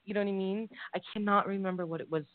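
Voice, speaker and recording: A woman's voice: mid-range voice, fairly even intonation, racing, dry recording. A woman co-hosting a casual live call-in show, gushing and rambling with many fillers. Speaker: co-host. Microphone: call-in line. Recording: tinny phone-line sound.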